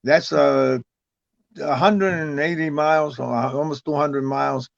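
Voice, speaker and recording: A man's voice: a little high, steady tone, a little slow, vocal fry, dry recording. An older man, a guest on an interview, telling a long story in a rambling way, often stumbling and repeating words. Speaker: guest, retired wrestler. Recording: dull, lo-fi, dry sound.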